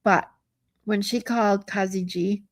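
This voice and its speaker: This livestream host is a woman with a mid-range, steady voice and a slightly slow pace, captured in a dry recording. She reads comments from viewers and says hello to them, keeping the casual talk blunt, chatty and full of profanity.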